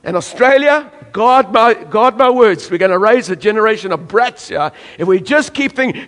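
A man's voice: sits high, lively intonation, normal speed, hardly any pauses, a bit bright. A man from South Africa preaching a sermon emphatically, now and then acting out voices from the congregation. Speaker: pastor.

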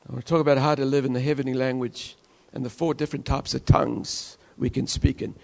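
A male pastor preaching a sermon to his church, swinging between loud declarations and hushed, intense stretches. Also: medium pitch, flat delivery, quick pace, vocal fry.

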